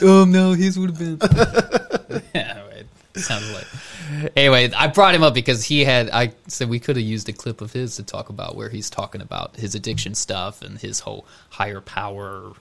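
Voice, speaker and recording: Casual podcast co-host, a man with a bright, slightly low voice who acts out what others said. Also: normal speed, gravelly. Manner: chatty storyteller, acts out quotes. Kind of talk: casual chat.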